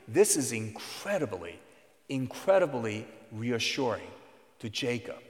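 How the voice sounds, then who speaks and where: A man's voice: mid-range voice, big pitch swings, measured pace. A man preaching a sermon in an earnest teaching tone, leaning hard on key words. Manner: earnest teaching tone with emphatic stresses. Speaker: pastor. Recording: long hall reverb.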